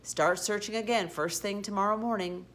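A woman voicing a suave, scheming male cat admiral with a purring voice and a smooth, condescending manner. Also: moderate pace, a bit bright, natural voice. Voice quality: deep and purring.

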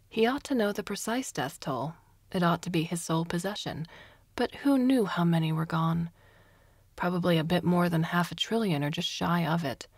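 A woman reading a science fiction story aloud as narrator, measured and even. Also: on the low side, dry recording, clean studio sound. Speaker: story reader. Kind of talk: scripted narration.

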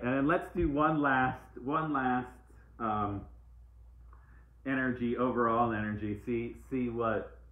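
A man giving a casual, playful live-stream oracle card reading, repeating uplifting phrases like mantras. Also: mid-range voice. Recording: echoey room, tinny phone-like sound.

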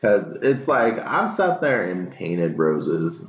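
A man's voice: low voice, sing-song, slow pace. A man doing a casual tarot reading, chatty, laughing and cussing as he talks. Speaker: tarot reader. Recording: lo-fi, phone-like, echoey, faint hiss.

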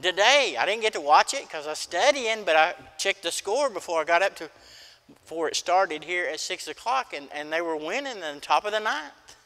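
A man's voice: sits high, animated, moderate pace, pushed and bright. A middle-aged man preaching a sermon as pastor, folksy and emphatic, telling stories. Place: church sanctuary. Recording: church hall reverb.

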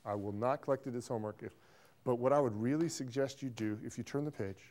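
A man's voice: medium pitch, fast talker, darkish tone. Playful middle-aged man teaching class. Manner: playful, teasing, repeats praise. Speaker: accounting professor. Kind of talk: classroom lecture with student questions. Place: lecture classroom.

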